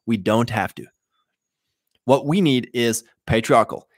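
Man, host, casual preaching talk, blunt, exhorting, slangy, mid-pitched, dry sound. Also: a little slow, dry recording. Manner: blunt, exhorting, retells Bible stories in slang. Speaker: podcast host addressing men.

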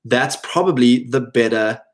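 A man's voice: mid-range voice, a little slow. A man hosting a podcast, talking casually to his audience and reading live chat, with frequent restarts and mocking quoted voices.

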